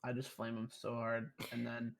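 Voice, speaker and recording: A man's voice: medium pitch, normal speed, gravelly. A young man, a podcast guest, telling rambling stories in casual, profane chat. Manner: profane, rambling, animated storyteller.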